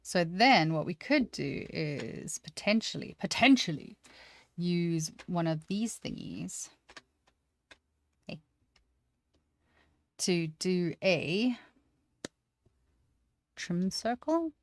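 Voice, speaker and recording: A woman's voice: fairly low pitch, expressive, drawn-out words, long pauses. A woman teaching 3D sculpting on a live stream, chatting casually and poking fun at herself as she works things out aloud. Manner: thinks aloud, self-deprecating, chatty.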